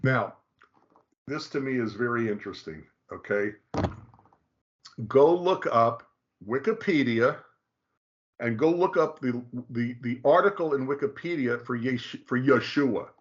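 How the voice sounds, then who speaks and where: Man, casual explainer, halting speech, many restarts, slow emphasis on names, mid-pitched, dull lo-fi audio. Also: animated. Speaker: presenter.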